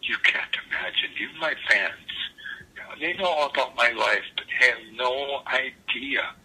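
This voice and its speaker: An older man quoting a weary male rock star who confides his frustrations to a friend in a low, indignant voice. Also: animated, moderate pace, bright, forceful tone, husky, heavily acted, poor audio. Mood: confiding.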